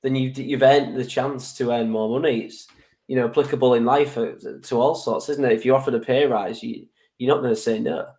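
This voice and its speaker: A man's voice: medium pitch, fairly even intonation, brisk, darkish tone. A man hosting a podcast, asking questions and adding short encouraging replies. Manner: encouraging, frequent short affirmations. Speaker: podcast host. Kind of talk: interview questions.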